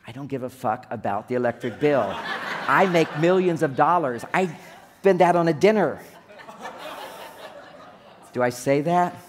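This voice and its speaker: A man giving a humorous seminar talk on relationships, acting out little scenes as he goes. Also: on the high side. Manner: joking, acts out little scenes. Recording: long hall reverb.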